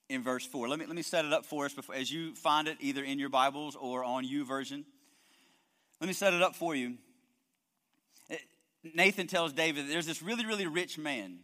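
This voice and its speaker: A man's voice: fairly high pitch, fairly bright tone. Emphatic male pastor in an echoing hall. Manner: emphatic preaching with frequent word repetitions. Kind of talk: sermon. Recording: long hall reverb.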